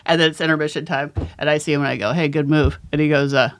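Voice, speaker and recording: A woman's voice: sits low, steady tone, fast talker. A woman in casual conversation who laughs often and acts out the voices in her stories. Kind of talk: casual chat.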